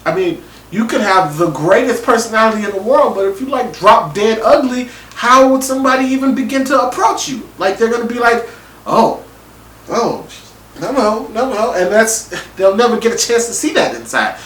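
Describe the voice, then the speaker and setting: A man giving a casual, animated review of a TV episode, acting out people's reactions in slangy everyday talk. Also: high-pitched, a little fast. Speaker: TV show reviewer. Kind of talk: casual opinion monologue. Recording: echoey room, mic at a distance.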